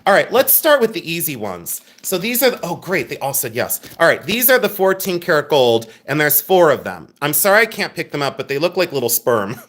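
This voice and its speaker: A man's voice: fairly high pitch, big pitch swings, brisk, few pauses, a bit bright. Giggly, joking man selling jewelry live. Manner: joking, giggly and self-mocking; chatty, talks straight to viewers. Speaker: livestream jewelry seller. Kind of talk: live sales stream chat.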